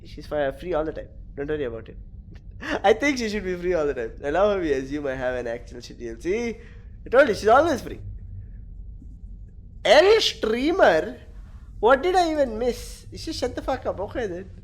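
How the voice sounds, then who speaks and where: A young man chatting casually on a game stream, animated and teasing. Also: high-pitched, fast. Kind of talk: casual gaming stream chat.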